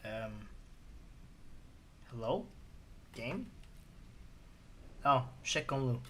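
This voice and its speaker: A man's voice: medium pitch, extremely slow, pushed and bright. A man streaming a game, chatting casually and rambling, joking and laughing at his own impressions. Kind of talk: casual chat over gameplay. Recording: game and vehicle noise behind.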